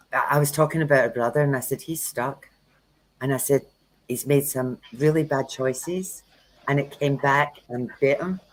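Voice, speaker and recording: A woman's voice: rumbling low, poor audio. A woman hosting a tarot livestream, talking casually and frankly, telling anecdotes and acting out what people said. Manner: frank, anecdotal storytelling with acted-out quotes. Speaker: tarot reader and workshop host.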